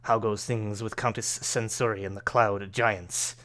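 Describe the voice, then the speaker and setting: Male GM voicing a contemptuous villain overlord; low, quiet, commanding. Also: steady tone, measured pace. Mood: cold scorn.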